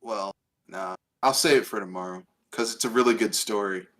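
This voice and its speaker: A man co-hosting a podcast in casual chat. He is animated and profane and laughs often. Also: on the low side, moderate pace. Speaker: podcast co-host.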